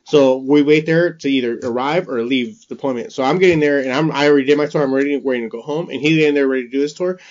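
A man's voice: mid-range voice, fast talker, few pauses, dull audio. A man co-hosting a podcast, telling a story with lots of swearing, laughter and acted-out voices. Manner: animated storyteller, acts out voices, laughs often, swears freely. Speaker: podcast co-host.

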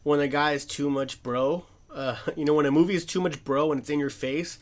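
A man's voice: on the high side, fairly even intonation, fairly quick, slight background noise. A man co-hosting a podcast, chatting casually about movies, rambling and swearing, with frequent laughs. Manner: rambling, swears often, laughs between phrases. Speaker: podcast co-host.

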